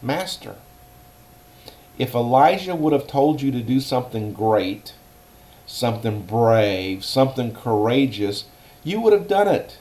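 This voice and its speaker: A man's voice: mid-range voice, very animated, measured pace, a little mellow. A man voicing a loyal servant who earnestly pleads with his master. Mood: pleading. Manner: pleading, persuasive.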